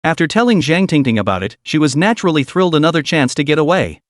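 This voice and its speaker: A man narrating a comic story, his pitch fairly high and moving in lively swings. The sound is close and dry, with no echo at all. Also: quick pace. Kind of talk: scripted narration of a comic recap.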